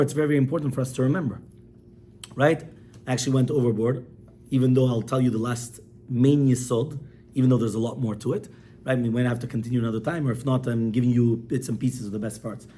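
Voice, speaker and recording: A man, a rabbi giving a class on marriage, telling a parable with lively acted-out voices. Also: breathy edge. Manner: animated, acts out characters with big pitch swings. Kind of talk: lively storytelling sermon.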